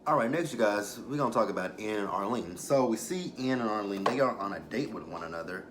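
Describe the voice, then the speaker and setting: A man with a somewhat low voice runs through a TV episode in casual, slang-heavy talk. He curses freely, laughs often and leans on plenty of ums as he goes. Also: expressive, brisk, noisy background. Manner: loose, profane, laughing, with slang and many fillers. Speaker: TV episode reviewer, channel host.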